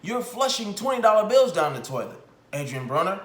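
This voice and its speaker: A man's voice: high voice, big pitch swings, fairly quick, fairly bright tone. Brief: young man, raised voice, ranting vlog commentary, mocking and exasperated, roomy echo. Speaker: commentary vlogger. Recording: echoey room.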